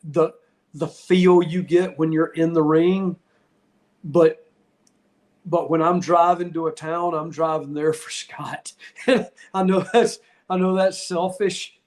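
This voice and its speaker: Middle-aged man, podcast guest; candid, rambling storyteller with a slightly high voice. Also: little pitch movement, takes it slowly, a little mellow. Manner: candid, rambling, heartfelt, with frequent restarts. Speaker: podcast guest, retired wrestler. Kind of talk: casual interview storytelling.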